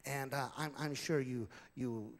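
A man's voice: medium pitch, steady tone, unhurried. A man working as a ventriloquist on a live theatre stage, coaching audience volunteers in a coaxing, chatty way full of fillers. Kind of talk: live comedy stage patter.

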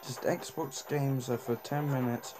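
A man's voice: medium pitch, steady tone, slow pace, music in the background. A young man casually commenting on a mobile game as he plays, talking to himself and reacting to what happens on screen. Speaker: gaming channel host.

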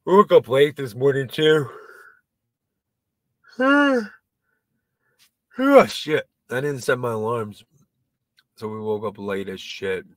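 A man's voice: medium pitch, animated, takes it slowly, long pauses, a bit bright, no echo. A man in his sixties hosting a comedy show, doing a loose, rambling, profane stand-up monologue. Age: 60s.

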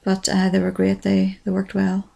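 Irish woman, craft tutorial voice-over, chatty, self-mocking, gravelly voice, little pitch movement. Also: completely flat delivery, moderate pace, warm tone. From Ireland. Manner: chatty and self-deprecating, says "wee" often.

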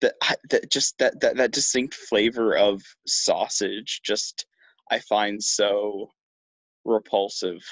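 A young man co-hosting a podcast in casual chat, talking in a slow, halting way with many restarts. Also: fairly low pitch, fairly even intonation, a bit bright, no echo. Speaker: podcast co-host.

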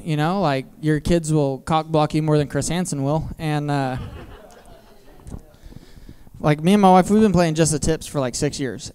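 A man in his thirties doing a stand-up comedy set on a theater stage, telling crude family stories with a deadpan, self-mocking delivery into a handheld mic. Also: a little high, smooth.

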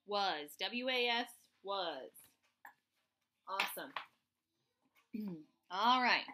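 A woman teaching first grade remotely, spelling sight words out slowly, letter by letter, to children. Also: mid-range voice, expressive, pushed and bright. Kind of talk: remote phonics lesson for children.

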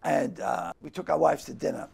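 Gravelly older man, lively storyteller. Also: on the high side, moderate pace. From Boston. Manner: animated storyteller who acts out quotes with loud bursts. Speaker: comedian guest. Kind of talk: casual interview storytelling.

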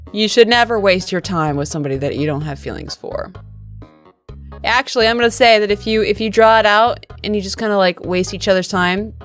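A young woman doing casual, joking let's play commentary, swearing freely as she plays. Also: lowish voice. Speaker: gaming streamer. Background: faint game music.

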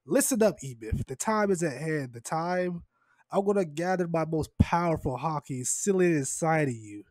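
A man reading the lines of a legendary leader giving a solemn farewell instruction, a bit lower and quieter than his usual talk. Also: animated, moderate pace, no room sound, natural voice. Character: legendary leader addressing old friend, male, solemn.

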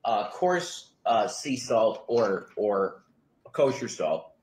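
A home cook in a cooking video talks through a recipe while he cooks, rambling with fillers and restarts. His voice is lowish and a little mellow, with lively intonation and an unhurried pace, and the room is echoey.

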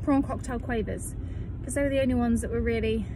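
Chatty high-voiced woman. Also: fairly quick. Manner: rambling, animated, self-mocking. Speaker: vlogger. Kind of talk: chatty phone vlog. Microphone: phone held at arm's length. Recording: phone audio with street noise.

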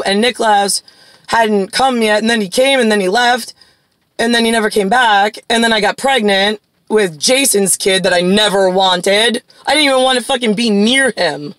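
A woman's voice: a little high, no echo, rough recording. Woman in her 40s from long island rambling and cursing to camera, tons of "like", dry sound. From Long Island, New York. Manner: rambling, profane, many "like" fillers. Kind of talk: rambling monologue vlog.

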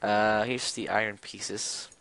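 A man's voice: on the low side, level tone, takes it slowly, fairly bright tone, clean tone, no room sound. A young man chatting and joking while playing a video game with a friend. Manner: joking, teasing, laughs often. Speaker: gaming commentator. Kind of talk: casual gameplay chat.

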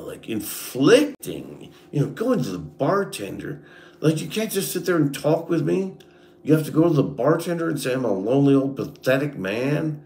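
A man's voice: mid-range voice, a little mellow. Bitter, profane man ranting in an echoey room. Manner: profane, bitter, speaks straight at an absent person. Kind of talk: angry personal rant.

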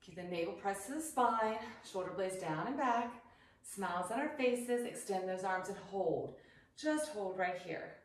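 A woman leading a yoga class, calmly cueing poses, counting holds and reminding the class to breathe. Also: medium pitch, unhurried. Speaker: yoga instructor. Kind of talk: guided yoga class instruction. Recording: very echoey room, voice from a distance with faint noise.

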